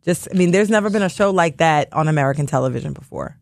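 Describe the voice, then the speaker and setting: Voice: medium pitch, lively intonation, fast talker, creaky, no room sound, clean studio sound. An interviewer asking questions in a casual chat, rambling a bit and restarting questions with lots of "like" and "um".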